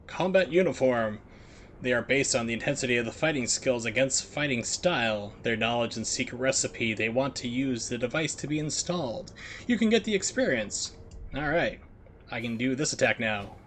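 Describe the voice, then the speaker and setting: A man's voice: mid-range voice, lively intonation, normal speed, a bit bright, slight background noise. An American man streaming a video game, chatting casually and rambling with lots of fillers. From United States. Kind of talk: casual chat while gaming.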